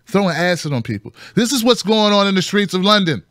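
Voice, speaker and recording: A fairly high-voiced man riffs on the news as a show host, swinging from sarcastic squeaks to low mutters. His voice sits close and dry, with no room sound around it. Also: sing-song, quick pace, hardly any pauses, a bit bright, no echo. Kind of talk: casual commentary on news.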